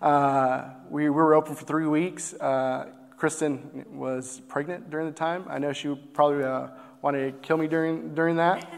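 A man's voice: on the high side, fairly even intonation, normal speed, creaky. A young man from Texas, a barbecue business owner, earnestly telling a heartfelt personal story on stage with plenty of fillers. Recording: long hall reverb.

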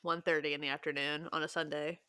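Woman host, 30s, bright and forceful, laughs easily, dry close mic. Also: sits low, flat delivery, smooth, dry recording. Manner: laughing, chatty, quick asides. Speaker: podcast host. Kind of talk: casual chat.

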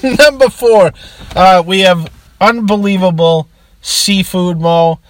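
A man's voice: sits high, slow pace, no room sound. A man from Massachusetts with a Boston accent, co-hosting a casual beer podcast and reading sponsor segments. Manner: chatty, reads ad segments. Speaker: podcast co-host. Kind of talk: casual chat.

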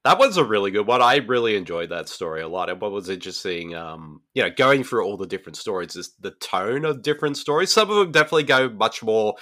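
A man's voice: lowish voice, fast talker, hardly any pauses. A man hosting a podcast, retelling horror stories in casual, enthusiastic chat. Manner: animated, enthusiastic retelling with fillers. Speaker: podcast host.

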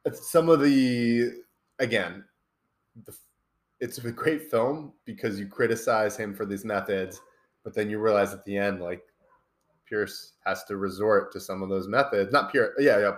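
A man's voice: on the low side, a little slow. A man co-hosting a podcast, chatting casually about a film and talking around his points with lots of restarts. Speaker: podcast co-host.

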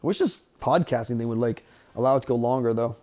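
Talking quickly in a mid-range, darkish voice, a podcast host riffs on a movie as he watches it, tossing out jokes and plenty of swearing. The film's soundtrack is faintly audible behind him.

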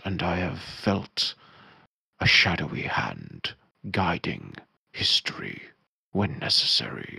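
A man voicing an old male wizard who leads a spire, speaking slowly and gravely. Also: sits low, bright, forceful tone, dry recording, exaggerated voice. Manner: slow, measured, grave.

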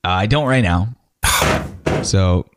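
A man's voice: sits low, takes it slowly, background noise. A man co-hosting a casual chat show, making dry, skeptical, laid-back remarks. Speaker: co-host.

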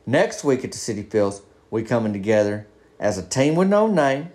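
A man's voice: mid-range voice, very animated, normal speed, a little mellow. A man telling a rambling comic story in a folksy, down-home way. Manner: folksy Southern drawl storytelling, slips into voices for friends. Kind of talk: first-person comedic monologue in character.

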